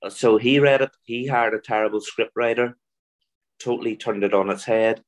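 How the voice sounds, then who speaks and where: A man with a Belfast accent, a guest author telling animated stories in an interview. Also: medium pitch, moderate pace. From Belfast, Northern Ireland. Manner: animated storyteller, mimics voices in anecdotes. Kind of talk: storytelling interview.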